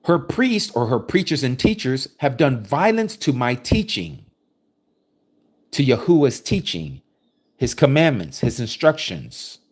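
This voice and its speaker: A man delivers a sermon, alternating between reading scripture and pressing his listeners with pointed questions. His voice swings widely in pitch, rising and falling with emphasis, in a mid-range register. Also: sing-song, measured pace, breathy edge. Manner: forceful, preachy, rhetorical questions. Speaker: preacher.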